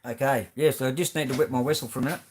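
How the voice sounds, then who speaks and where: A man's voice: mid-range voice, fairly even intonation, very fast, noisy background. Rambling Australian man hosting a live stream. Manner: rambling, friendly, lots of fillers and restarts. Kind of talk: casual live-stream chat reading comments.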